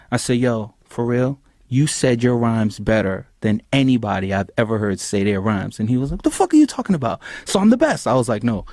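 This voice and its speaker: A man tells a long story in a loose, animated way and acts out the other people's lines in it. His voice jumps up sharply when he quotes people in an argument. The sound is dry and close to the mic. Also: mid-range voice, no echo. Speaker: clip storyteller. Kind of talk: recounting an anecdote.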